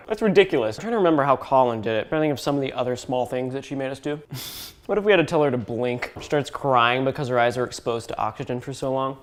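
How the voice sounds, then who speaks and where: A man's voice: mid-range voice, animated, very fast. A young man doing comedic vlog commentary, playful and sarcastic with exaggerated outbursts. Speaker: YouTuber.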